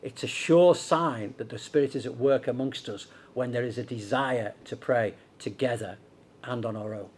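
A man's voice: medium pitch, normal speed, a little hiss or hum. A middle-aged man from Liverpool with a Scouse accent, preaching a sermon in a conversational way with rhetorical questions. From Liverpool, England.

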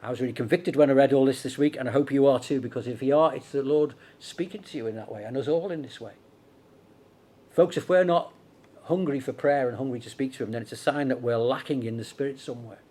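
A middle-aged man from Liverpool, England, with a Scouse accent preaches a sermon conversationally, using rhetorical questions. His voice is mid-range and dark in tone, and he talks fast.

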